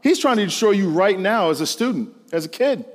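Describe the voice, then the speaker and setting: A man's voice: high-pitched, animated, brisk, long reverb tail. A male pastor preaching a sermon to students in an emphatic, storytelling way. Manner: storytelling, emphatic, rising to exclamations.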